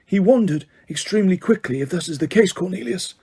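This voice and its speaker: A man voicing a calm, quiet, wise elderly headmaster. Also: sits high, brisk, gravelly, breathy edge, voice pushed up, heavily acted.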